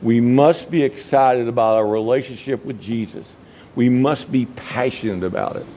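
A middle-aged man, a Baptist pastor, preaching a sermon and swinging between quiet low passages and high, emphatic peaks. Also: normal speed, poor audio.

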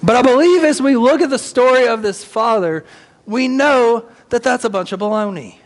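High-voiced preacher. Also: male voice, moderate pace, big-room sound. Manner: animated storytelling with casual slang. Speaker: pastor. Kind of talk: sermon.

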